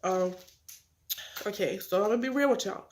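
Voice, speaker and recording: A woman's voice: mid-range voice, normal speed. An eighteen-year-old woman telling viewers about her life in a candid, earnest way, upset but holding back tears. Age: young adult. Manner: talks directly to viewers, acts out phone calls. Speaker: vlogger. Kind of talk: casual confessional vlog.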